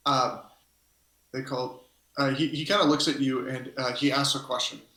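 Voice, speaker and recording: A man's voice: mid-range voice, steady tone, normal speed, pushed and bright. A man narrating a tabletop game as game master, rambling and hesitant as he thinks aloud. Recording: echoey room.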